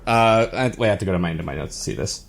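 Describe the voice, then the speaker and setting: A man's voice: deep voice, expressive, very fast, creaky. Rambling man recapping from notes. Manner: rambling, with many fillers and restarts and frequent chuckles. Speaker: podcast co-host.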